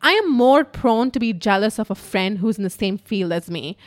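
A young woman telling a story in a casual, profane, animated way at home in her apartment. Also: medium pitch, normal speed.

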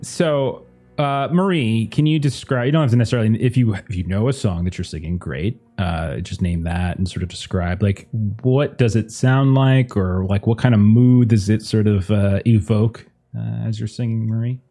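A man narrating as game master of a tabletop horror campaign in a relaxed, loose way. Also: lowish voice, normal speed. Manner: relaxed, loose, searching for words.

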